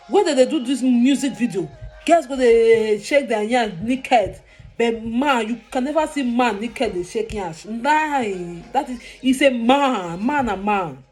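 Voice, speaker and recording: Emphatic Nigerian Pidgin-speaking woman. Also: on the high side. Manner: animated, emphatic and repetitive. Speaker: vlogger. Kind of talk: casual monologue to camera.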